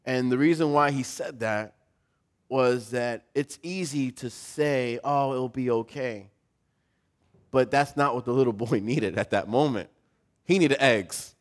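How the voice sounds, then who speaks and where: A man's voice: mid-range voice, unhurried. Casual man preaching a sermon. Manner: casual, storytelling, self-deprecating humor. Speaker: pastor.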